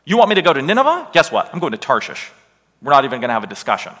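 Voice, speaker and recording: A man's voice: medium pitch, rapid-fire, pushed and bright, husky, in a large hall. A man voicing a stubborn, defiant male prophet who talks bluntly and emphatically.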